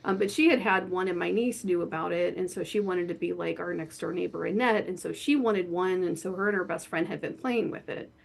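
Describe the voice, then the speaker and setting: A woman guest telling a personal story in a casual, animated way, laughing often and saying "like" a lot. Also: on the low side, a little fast, vocal fry, hardly any pauses. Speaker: guest, horror author and spirit board practitioner.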